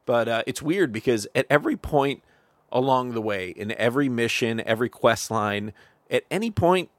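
A man's voice: medium pitch, animated, moderate pace, no room sound. A man co-hosting a casual podcast chat, rambling and enthusiastic, swearing now and then. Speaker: podcast co-host.

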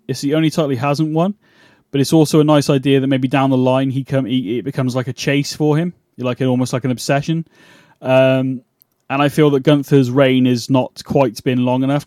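A man's voice: medium pitch, a little mellow, no room sound, clean studio sound. A man from the UK hosting a casual wrestling podcast, rambling with many fillers and restarts. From United Kingdom. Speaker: podcast host. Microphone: remote call setup.

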